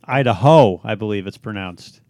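A man, the show's producer, chiming in with deadpan asides in a radio studio. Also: medium pitch, brisk, no room sound. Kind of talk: deadpan banter.

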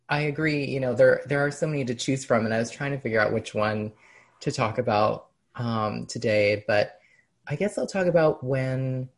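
A woman with a strikingly low voice talks as a podcast guest. She tells her story in a relaxed, reflective way, pausing often to gather her thoughts. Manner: reflective, with frequent "um" pauses and soft laughs. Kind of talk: casual conversational storytelling.

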